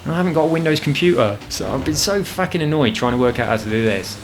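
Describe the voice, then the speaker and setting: A man's voice: a little high, expressive, quick pace, slight background noise. A man chatting casually over gameplay at home, rambling and swearing freely about his frustrations. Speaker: gaming channel host. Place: home apartment.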